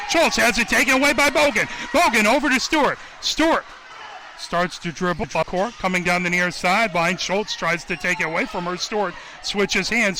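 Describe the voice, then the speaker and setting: A man with a high, forceful voice calls a basketball game for radio. He rattles off each pass in a quick running call and lifts his voice at every score. A faint hiss of noise sits under him. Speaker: radio play-by-play announcer. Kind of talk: basketball play-by-play commentary.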